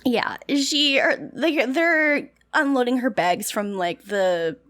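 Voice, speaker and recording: A woman's voice: high-pitched, slow pace, fairly bright tone. A young woman from Canada co-hosting a podcast, recapping a TV episode in casual, blunt chat and laughing often. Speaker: podcast co-host.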